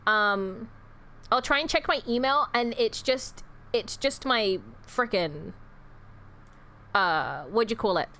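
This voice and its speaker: Young female streamer, high and animated, chatty and sweary. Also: slow pace. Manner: rambling, self-correcting, sweary. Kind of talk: casual chat with viewers.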